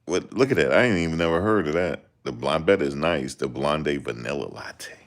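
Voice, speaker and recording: A man with a very deep voice, giving casual, joking reaction commentary on a livestream. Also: animated, moderate pace. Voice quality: very deep voice that people ask him to repeat. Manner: joking, laid-back, slips into mocking voices.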